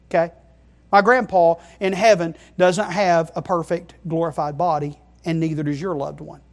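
A man preaching a sermon, emphatic, moving between quiet asides and loud stressed phrases and often checking in with the congregation. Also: a little high, steady tone, normal speed. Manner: emphatic, keeps checking in with "okay?".

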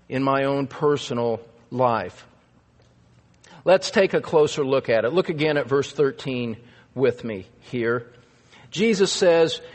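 A pastor with a fairly high voice delivers an earnest sermon at an unhurried pace. His words ring out with a long hall reverb, as if spoken in a church sanctuary. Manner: earnest, emphatic preaching with repeated stresses.

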